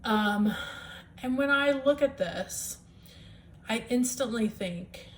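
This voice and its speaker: A woman's voice: on the high side, slow. A woman chatting enthusiastically at home about her stitching projects, with lots of ums. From US Midwest. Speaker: cross-stitch vlogger. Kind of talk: casual show-and-tell chat.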